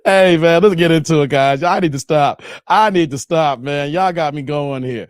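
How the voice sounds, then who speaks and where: A man in his forties hosting a casual livestream, animated and joking, calling out viewers by name and playing with his voice. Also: on the high side, moderate pace, clear, resonant tone, no echo. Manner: animated, joking, calls out chat names, playful voice changes. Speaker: livestream host. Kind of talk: casual live-stream chat.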